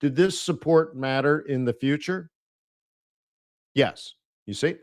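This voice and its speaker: A man's voice: fairly high pitch, slow pace. Playful man hosting a trading webinar. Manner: playful, mimics people in mock voices; chatty, laughs at his own jokes. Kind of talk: live webinar presentation.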